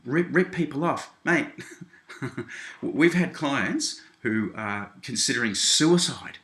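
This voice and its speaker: A man's voice: medium pitch, animated, slow pace, a bit bright, roomy sound. An Australian man talking straight to camera from a small home office, indignantly answering a critic, calling him "mate" and often restarting his sentences. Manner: indignant, keeps saying "mate", many restarts. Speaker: video blogger responding to critics. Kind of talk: casual direct-address rant.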